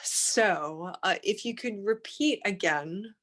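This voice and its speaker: Slow, halting woman host. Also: medium pitch, a bit bright. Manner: halting, hesitant phrasing. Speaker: podcast host. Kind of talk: interview questions.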